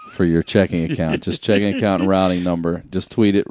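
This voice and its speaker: A man's voice: sits low, fairly even intonation, brisk, darkish tone. A man who is a guest on a podcast, making dry wisecracks in casual chat. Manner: dry wisecracks, short interjections.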